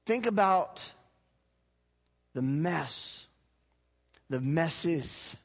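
Male pastor with a high voice, preaching in a dynamic sermon style, with call-and-response to the church. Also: animated, very slow, pauses often. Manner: wide swings from loud emphatic lines to low quiet ones; rhetorical questions and call-and-response with the congregation.

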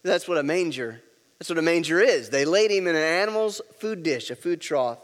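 A man's voice: fairly high pitch, expressive, a little fast, big-room sound. A pastor preaching a sermon, emphatic and repeating key words, leading his congregation to say lines back.

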